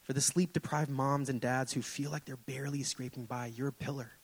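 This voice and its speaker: A man's voice: mid-range voice, fairly even intonation, brisk, breathy edge, rough recording. Impassioned preaching man. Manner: impassioned, rising and falling in emphasis. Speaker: pastor. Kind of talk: sermon. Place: church sanctuary.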